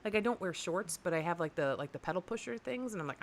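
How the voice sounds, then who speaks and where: A woman's voice: lowish voice, lively intonation, fast, slight background noise. A woman co-hosting a casual talk show, rambling with many fillers and restarts. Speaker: co-host. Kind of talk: casual chat.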